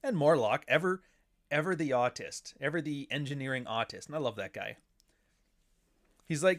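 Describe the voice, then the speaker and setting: A middle-aged man from Canada hosts a casual livestream commentary. He rambles from point to point, swears freely and keeps a dry, sardonic edge in his talk. His pitch sits in the middle for a man. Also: animated, normal speed, long pauses. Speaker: show host.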